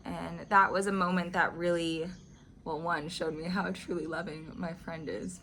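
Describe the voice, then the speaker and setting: A woman with a somewhat low voice talks to her viewers in a relaxed, reflective monologue. She tells stories in a chatty way, leaning on "like" as a filler, with a faint hiss of background noise. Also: measured pace. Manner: chatty storytelling with frequent "like" fillers. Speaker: vlogger discussing spiritual teachings.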